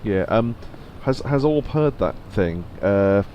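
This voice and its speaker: A man's voice: fairly low pitch, lively intonation, takes it slowly, highs cut off, a little hiss or hum. A man streaming a video game, chatting casually and laughing often as he tells stories. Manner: chatty, laughs often, reads game lines aloud in a put-on accent. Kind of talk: casual live-stream chat and storytelling.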